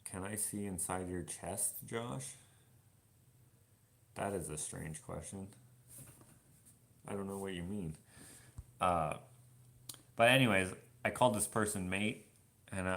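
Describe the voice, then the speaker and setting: A young man with a low, gravelly voice chats loosely through a live Q&A. He reads viewer comments aloud and wanders off on tangents as he goes. He is washing dishes at home in his kitchen. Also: a little slow, pauses often, fairly bright tone. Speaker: vlogger answering live questions. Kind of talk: casual live Q&A chat.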